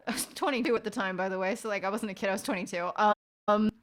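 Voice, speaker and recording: A woman's voice: mid-range voice, racing. A woman streamer telling a wild family story in casual chat, dramatic and profane.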